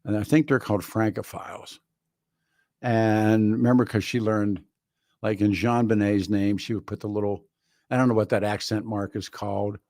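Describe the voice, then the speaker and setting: A man's voice: on the low side, steady tone, normal speed, darkish tone, dry recording. A man hosting a talk radio show in a studio, delivering a rambling, wry monologue full of restarts. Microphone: studio microphone.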